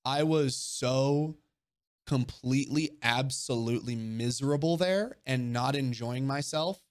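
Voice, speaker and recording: Young man, livestream host, earnest, emotional, casual swearing, mid-pitched voice. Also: unhurried. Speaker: livestream host answering viewer questions.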